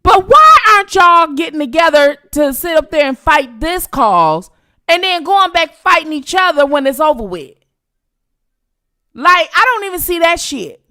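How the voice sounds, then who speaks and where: A woman's voice: very high voice, sharp tone. A woman hosting her own channel, giving blunt, profane, teasing live-stream commentary to her viewers. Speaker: channel host.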